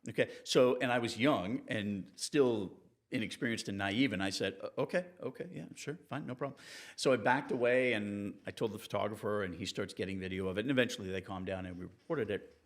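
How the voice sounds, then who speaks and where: A man, a TV reporter and interview guest, telling anecdotes in a relaxed, animated way and acting out the people he quotes. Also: a little fast. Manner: animated, acts out quoted people with raised pitch. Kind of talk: conversational storytelling in an interview.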